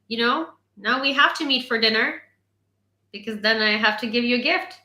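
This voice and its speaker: A woman's voice: a little high, moderate pace, pushed and bright, reverberant. A young woman from Ukraine with an American accent, chatting playfully with viewers as a livestream host. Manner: chatty and playful, reads comments aloud. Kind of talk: casual livestream chat answering viewers.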